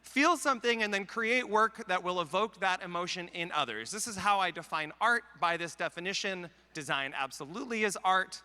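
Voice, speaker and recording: Speaking into a handheld microphone in a big hall, this Canadian conference speaker gives a funny, self-mocking talk. His voice sits high, with a sharp tone and lively intonation, and his humor is wry and quick.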